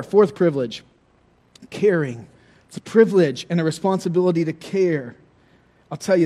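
A man's voice: fairly high pitch, dark tone. A middle-aged male pastor preaching a conversational sermon, telling stories with humor.

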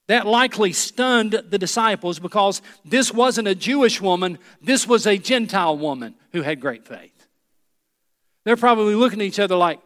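Speaking in a high-pitched voice, a male pastor preaches with dramatic pauses, letting his voice drop low and soft on key words for emphasis. A long hall reverb rings around him.

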